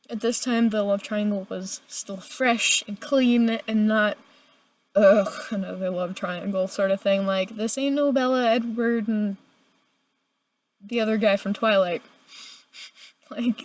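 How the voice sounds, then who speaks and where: A young adult woman giving a casual, chatty video review, animated and full of filler words. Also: a little high. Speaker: book reviewer.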